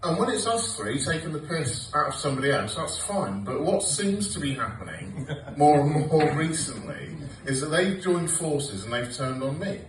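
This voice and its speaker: A man's voice: on the high side, sing-song, normal speed, few pauses, distant mic, noisy background. A man, performing a sweary, sarcastic stand-up comedy set. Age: 40s. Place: comedy club stage with audience laughter. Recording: roomy live club recording from afar.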